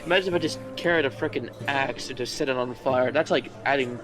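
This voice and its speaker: A man's voice: mid-range voice, quick pace. A young man playing his character in a tabletop game, speaking hesitantly and politely with many uhs, with music behind him. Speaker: player.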